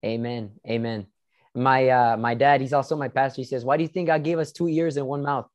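A man's voice: mid-range voice, fairly even intonation, a little fast. A young man hosting a casual interview, eager and admiring, often restarting his sentences. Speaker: interview host.

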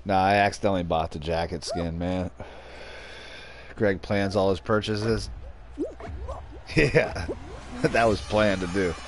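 A young man streams a game with loose, joking commentary, rambling along and getting riled up at other players. His voice sits a little low, and a steady hiss of background noise runs under the recording. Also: slow, long pauses. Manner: joking, rambling, flares up at teammates. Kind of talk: casual gameplay commentary.

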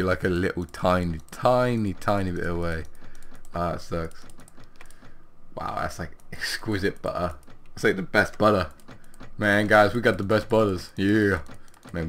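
A man playing a video game, commenting casually, swearing and laughing often, swinging between loud outbursts and quiet mutters. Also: low-pitched. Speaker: gaming host.

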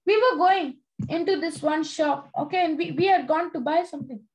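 Young girl preaching to other kids, super high voice, lots of uh and okay. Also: normal speed, a little mellow, rough recording. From India. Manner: earnest storytelling with frequent fillers and "okay?" checks. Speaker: children's Bible study leader. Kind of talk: sermon-like testimony.

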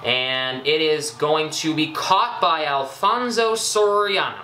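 A young man casually commenting on his own gameplay, chatty and excitable, scolding himself with frequent ums and uhs. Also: on the high side, takes it slowly, echoey room, a little hiss or hum. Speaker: gaming YouTuber.

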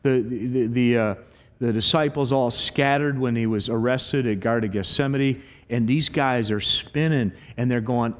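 A middle-aged pastor preaches in a church sanctuary, his medium-pitched voice moving at normal speed through a long hall reverb. He tells his stories animatedly, acting out what people said.

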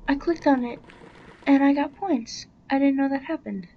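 A woman's voice: high voice, normal speed. A young woman giving casual commentary while playing a game, blurting swears and gasps and dropping into whispered asides. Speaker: gamer playing a game on video. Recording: dull lo-fi recording with faint noise.

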